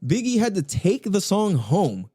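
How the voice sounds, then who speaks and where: A young man hosts a casual podcast, telling stories in a loose, profane, fired-up way. His voice is fairly high for a man and swings widely in pitch. The sound is mellow and the recording is close and dry. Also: big pitch swings, measured pace, husky, no room sound. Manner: loose, profane, enthusiastic storytelling with frequent laughs. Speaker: podcast host. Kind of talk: casual solo podcast talk.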